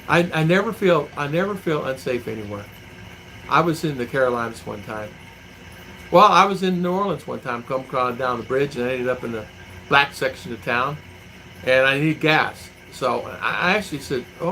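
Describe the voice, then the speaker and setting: A man's voice: mid-range voice, sharp tone, a little hiss or hum, poor audio. A middle-aged man from the United States chatting casually on a livestream, rambling and repeating himself as he tells folksy stories and answers viewer comments at home. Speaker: vlogger reading viewer comments.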